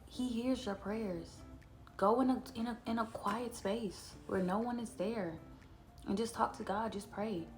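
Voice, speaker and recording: Gravelly woman giving a casual Bible talk. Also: mid-range voice. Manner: chatty and earnest, slows down to read scripture aloud. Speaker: Bible study vlogger. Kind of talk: casual devotional talk to camera.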